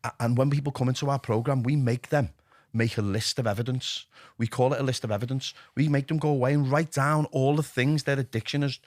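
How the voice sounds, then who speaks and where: A man with a Liverpool accent, speaking bluntly and swearing freely as a podcast guest telling his recovery story in an animated way. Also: mid-range voice, a little fast, few pauses, no room sound. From Liverpool, England. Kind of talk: candid interview talk.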